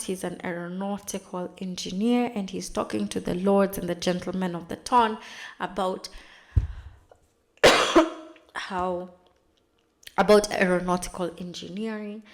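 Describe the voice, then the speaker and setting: A woman chatting casually as she recaps a TV episode, retelling scenes with quick dramatized asides. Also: lowish voice. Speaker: TV recap vlogger.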